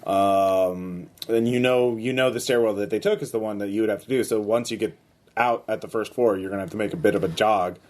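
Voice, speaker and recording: A man's voice: on the low side, brisk. A man running a tabletop game as game master, talking loosely with many fillers and frequent laughs. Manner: lively, laughs often, lots of fillers.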